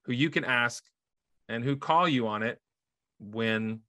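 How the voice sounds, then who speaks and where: A man in a casual chat who speaks in a measured, reflective and affirming way. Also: mid-range voice, bright, forceful tone, no echo, studio quality. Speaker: youth ministry podcast co-host.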